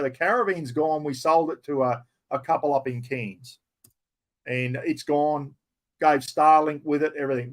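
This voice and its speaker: An older Australian man answering viewers' chat questions on a live stream, blunt and blokey, swearing casually and calling everyone mate. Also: fairly high pitch.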